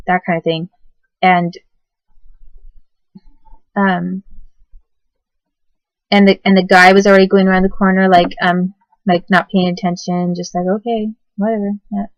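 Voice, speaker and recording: Tired, halting woman with a low voice. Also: dry recording, muffled recording. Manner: halting, many fillers and restarts. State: tired, yawning. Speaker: person telling her own story. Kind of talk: personal testimony to camera.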